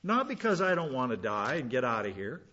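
A pastor preaches a verse-by-verse Bible sermon in a conversational style, with folksy asides and frequent restarts. His medium-pitched voice is very animated, a little fast, pushed and bright. The dull lo-fi recording has slight background noise.

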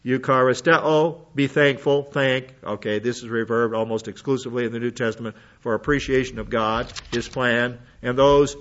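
A man's voice: mid-range voice, fairly even intonation, normal speed, few pauses, fairly bright tone, lo-fi sound. A man teaching a Bible lesson in sermon style, working through word studies with frequent restarts. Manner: methodical, works through Greek word lists with restarts.

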